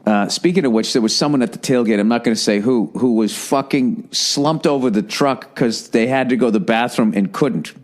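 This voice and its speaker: Speaking fairly quickly and barely pausing, a middle-aged man with a medium-pitched voice and a Boston accent hosts his own podcast. His storytelling is casual, profane and wanders all over the place.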